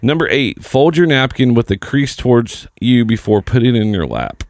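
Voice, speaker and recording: A man's voice: medium pitch, very animated, moderate pace, darkish tone, no echo, studio quality. A man co-hosting a casual chat, reading a list aloud with joking, swearing asides. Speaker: co-host.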